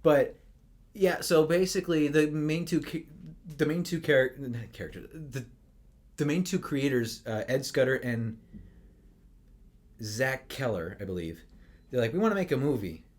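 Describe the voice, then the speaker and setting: A man's voice: mid-range voice, measured pace, long pauses. A young man co-hosting a podcast in casual chat, rambling and stammering through restarts as he recaps a movie. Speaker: podcast co-host.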